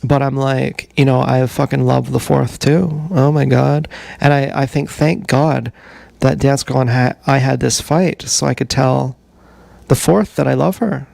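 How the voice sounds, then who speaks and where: A man telling a long, meandering personal story on a livestream, halting and full of fillers. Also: mid-range voice, steady tone, gravelly, a little mellow, no echo. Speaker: streamer. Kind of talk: rambling livestream monologue.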